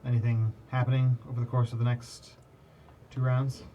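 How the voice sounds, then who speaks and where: A man's voice: medium pitch, flat delivery, normal speed, mellow, slight background noise. Rambling male tabletop player. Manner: rambling, restarts often. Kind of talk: casual tabletop play.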